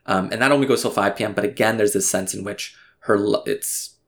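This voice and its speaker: Male host, lower pitch; reflective, rambling film chat. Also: a little fast, creaky, a bit bright. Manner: rambling, reflective, seeks agreement with "right?". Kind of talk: casual film discussion.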